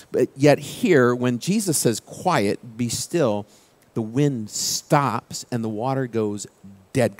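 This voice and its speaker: A male pastor preaching a sermon in a conversational way, dropping his voice low and quiet for key quoted phrases. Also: no echo.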